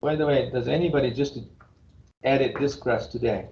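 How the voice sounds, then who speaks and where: This engineering professor, a man in his fifties with a Japanese accent, speaks at normal speed with a medium-pitched, darkish tone. He addresses his class bluntly and with humor, chuckling as he goes, in an echoey room captured on a rather muffled, dull recording.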